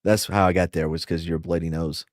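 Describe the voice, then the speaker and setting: A man casually telling profane, animated stories and acting out the quotes, as a podcast host. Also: sits low, brisk, no echo, clean studio sound. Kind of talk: casual storytelling.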